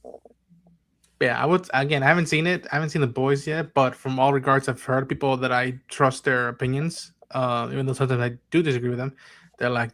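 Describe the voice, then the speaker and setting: A man with a middle-pitched voice talks on a casual podcast. He rambles, hedges and trails off while searching for words. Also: steady tone, fairly quick, fairly bright tone. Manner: rambling, hedging, loses his words.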